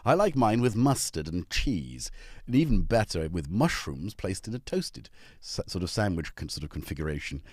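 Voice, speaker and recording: A man hosting a livestream from his home studio, chatting in a rambling, friendly way and calling out to viewers by name. His pitch jumps up and down a lot as he talks. The sound is dry and close to the mic. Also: big pitch swings, moderate pace, no echo. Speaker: livestream host. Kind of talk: casual livestream chat.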